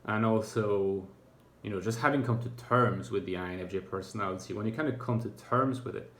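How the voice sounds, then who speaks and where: A man's voice: lowish voice, a little fast, fairly bright tone. A man talking to camera in a reflective, casual monologue, thoughtful and hesitant, with many fillers and restarts. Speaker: YouTuber. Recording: echoey room.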